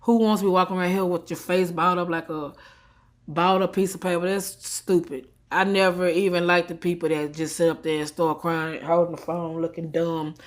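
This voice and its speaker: A woman's voice: lowish voice, steady tone, fairly quick. Tearful woman venting into her phone. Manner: venting, defiant, swings from subdued to heated. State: tearful after crying. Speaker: vlogger. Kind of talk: emotional selfie vlog rant. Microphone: phone held at arm's length.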